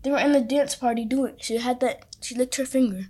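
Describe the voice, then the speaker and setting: A young woman co-hosting a casual podcast with a high, bright-sitting voice. She tells stories in an animated, chatty way, talking freely with a friend. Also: brisk, breathy edge. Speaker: podcast co-host. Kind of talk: casual chat.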